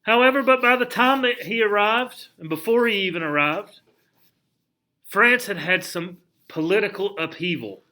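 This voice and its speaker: Brief: male history teacher, lively classroom lecture, questions to students, bright tone. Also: high voice. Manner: animated, conversational, asks the class questions; acts out historical figures in quick asides.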